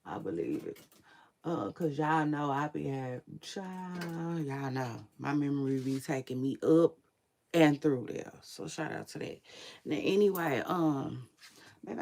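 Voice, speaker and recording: A woman in her forties with a smoky voice, chatting casually and sleepily to her viewers in a laid-back, slangy way. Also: vocal fry. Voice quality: smoky low voice. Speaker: online commentator. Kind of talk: casual livestream chat to viewers.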